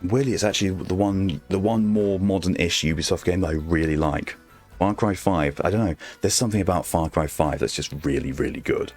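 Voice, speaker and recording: A man streaming his art, talking softly in an ASMR-style murmur right on a close microphone, rambling to himself as he draws. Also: low voice, brisk. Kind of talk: soft ASMR-style stream chat while drawing. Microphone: very close desk microphone. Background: faint background music.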